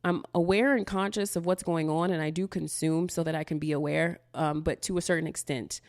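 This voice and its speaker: A woman with a fairly low voice talks through viewer questions in a relaxed, unfiltered way. She leans on "like" constantly, curses freely and laughs between thoughts. The sound is dry, with no room echo. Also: brisk. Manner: loose and candid, heavy use of "like", frequent swearing. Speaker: manifestation coach. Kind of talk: casual Q&A monologue.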